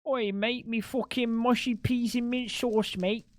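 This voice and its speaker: A man's voice: very high-pitched, fairly even intonation, unhurried, no room sound, pitched above the performer's own voice. A man putting on a rowdy young British bloke with a working-class accent, brash and sweary. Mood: indignant. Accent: put-on working-class British.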